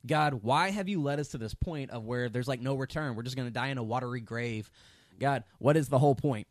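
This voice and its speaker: A man's voice: mid-range voice, a little fast, no echo, clean studio sound. A man teaching a casual Bible study, reading scripture and then talking it through in a loose conversational way with many fillers and sarcastic asides.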